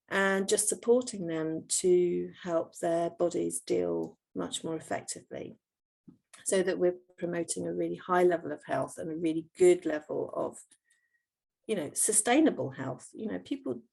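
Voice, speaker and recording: A woman's voice: lowish voice, a little slow, gravelly, darkish tone. A middle-aged woman, a homeopath, explaining her work patiently in an interview, with many fillers and restarts.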